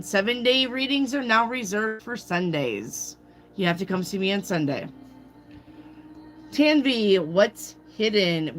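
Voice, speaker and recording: A woman's voice: medium pitch, a bit bright. A woman giving a casual live tarot reading, chatty and swearing freely as she calls out viewers by name. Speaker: tarot reader.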